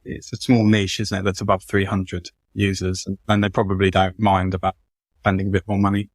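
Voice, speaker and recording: A man's voice: low voice, completely flat delivery, fairly quick. A man, a guest consultant talking casually on a podcast, often repeating words as he goes. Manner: chatty, repeats words and restarts a lot.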